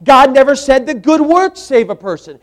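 A man's voice: extremely high pitch, animated, normal speed, fairly bright tone. A man preaching a sermon, emphatic, repeating words for stress and putting questions to the congregation.

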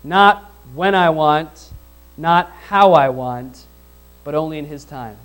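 A man's voice: on the high side, takes it slowly, a bit bright, poor audio. A male pastor preaching a sermon in a conversational way, asking the congregation questions and repeating his phrases.

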